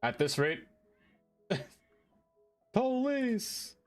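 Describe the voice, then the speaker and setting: A young American man hosts a casual live stream, laughing as he tries out goofy accents. His pitch swings a lot as he plays around, with faint music playing under his voice. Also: expressive, moderate pace. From United States. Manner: playful, giggly, trying out silly accents.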